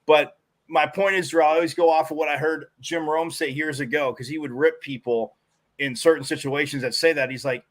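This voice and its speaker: A man co-hosting a live sports talk show, telling stories in a rambling, animated way with many restarts. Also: on the high side, brisk. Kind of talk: casual sports talk commentary.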